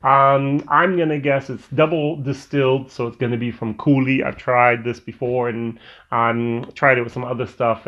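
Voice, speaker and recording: A man hosting a casual whiskey review vlog, rambling and pausing often with "um" and restarts. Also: mid-range voice. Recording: slightly dull lo-fi audio.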